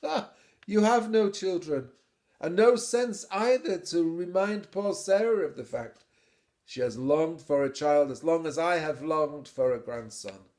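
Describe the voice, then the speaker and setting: A man's voice: on the high side, lively intonation, measured pace, darkish tone. A man voicing a worried old father who questions his son. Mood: doubting, pleading. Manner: pleading, questioning.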